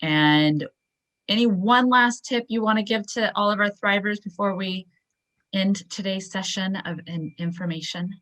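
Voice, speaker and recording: A woman's voice: mid-range voice, unhurried, a bit bright, rough recording. A woman hosting an interview, chatting in a friendly, enthusiastic way. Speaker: host.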